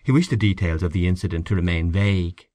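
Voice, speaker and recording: Low-voiced male audiobook narrator. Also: quick pace, dark tone, dry recording.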